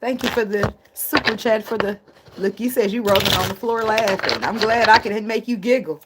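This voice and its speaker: A woman's voice: mid-range voice, normal speed, very noisy. A woman giving a casual livestream tarot reading, blunt and profane, often breaking into laughs. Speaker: tarot reader.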